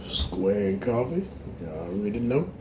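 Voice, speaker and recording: A man's voice: on the low side, animated, unhurried, background noise. A man, an auto shop owner, giving a blunt, profane morning talk to camera that grows heated.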